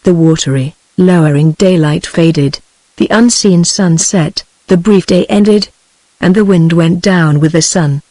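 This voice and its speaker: A text-to-speech British female voice narrating a novel in a flat, even synthetic delivery. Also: on the low side, a little slow, dry recording, low-quality recording. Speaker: audiobook narrator. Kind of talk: text-to-speech book reading.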